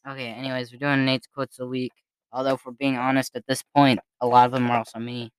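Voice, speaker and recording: A man's voice: medium pitch, level tone, fast, clean tone, dry recording. A young man co-hosting a podcast in casual chat, teasing his brother with jokey banter. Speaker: podcast co-host.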